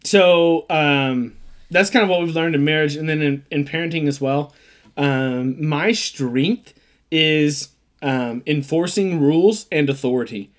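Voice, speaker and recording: A man in his thirties with a slightly raised voice, co-hosting a relaxed podcast chat. He talks animatedly and jumps into quick impressions of family members as he tells stories. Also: a little high. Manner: animated storyteller who acts out quotes. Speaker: podcast co-host. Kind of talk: casual chat.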